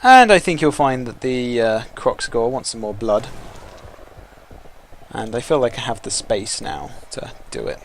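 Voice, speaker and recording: Excitable man trash-talking over a game. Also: mid-range voice, a little slow, creaky, a little hiss or hum. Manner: excitable, taunting trash talk. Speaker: gaming commentator. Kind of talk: let's-play commentary.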